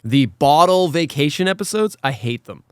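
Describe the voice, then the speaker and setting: A man on a casual podcast who rants with animation and swears freely. His voice sits somewhat high for a man, and the recording is close and dry. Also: normal speed, clean tone, no echo. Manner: animated, ranting, profane. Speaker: podcast host. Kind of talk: casual chat.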